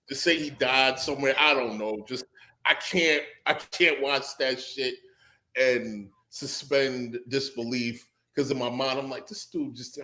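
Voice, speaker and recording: A man in casual podcast chat, voice at an ordinary middle pitch. He rants with emphasis and swears freely. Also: bright, forceful tone. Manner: profane, ranting, emphatic. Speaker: podcast co-host.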